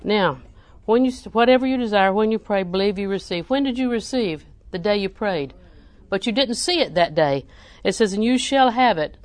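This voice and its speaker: A woman preacher, delivering a sermon with animated emphasis that rises to near-shouting. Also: medium pitch, normal speed, few pauses, dry recording.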